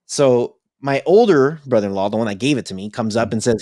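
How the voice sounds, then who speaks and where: A man's voice: medium pitch, expressive, brisk, darkish tone, no room sound. Young adult man, podcast co-host, casual storyteller who acts out voices; dry, close sound.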